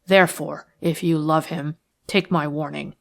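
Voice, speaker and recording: A woman reading the lines of a rough, jealous man who threatens and boasts in a harsh, coarse manner. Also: steady tone, unhurried. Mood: menacing. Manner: sullen, menacing, low-voiced. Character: rough jealous male schemer, bitter and threatening. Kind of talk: audiobook character reading.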